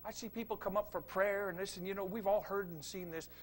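A middle-aged man preaching a revival sermon, swinging from quiet asides to loud emphatic preaching. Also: sits high, fairly even intonation, fast, slight background noise.

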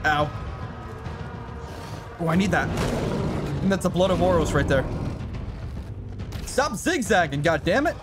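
A man giving casual, excitable gameplay commentary, swearing and shouting encouragement at his in-game companion. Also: high-pitched, unhurried, long pauses, music in the background. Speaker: gaming YouTuber.

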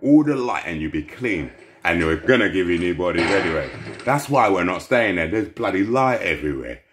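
A man's voice: low-pitched, sing-song, brisk, background noise. A man, vlogging into a handheld phone and rambling in an agitated way. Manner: agitated, rambling, with sudden jumps up and down in loudness. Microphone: phone held in hand. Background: TV show playing with music.

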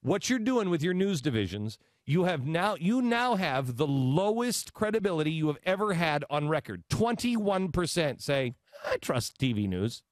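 A man hosting a talk show, speaking in a sarcastic, animated way into a studio mic. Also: fairly high pitch, normal speed, few pauses, dry recording. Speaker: host. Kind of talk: talk radio commentary.

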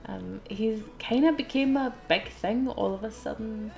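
Giggly Scottish woman with a gravelly edge. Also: a little high, a little slow. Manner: giggly, laughs often, chatty and excitable. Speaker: live streamer. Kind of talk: live game stream commentary.

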